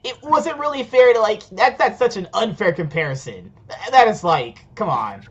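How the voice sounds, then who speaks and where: Excitable young dude on a podcast, pretty high voice, trips over his words, muffled lo-fi mic. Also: normal speed, breathy edge. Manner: excitable, stammering, laughs often. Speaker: podcast co-host. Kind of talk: casual esports chat.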